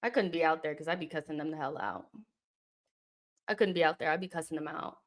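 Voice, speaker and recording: A young woman hosting a live football watchalong, reacting with exasperation and yelling at the referee and players. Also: sits low, fast.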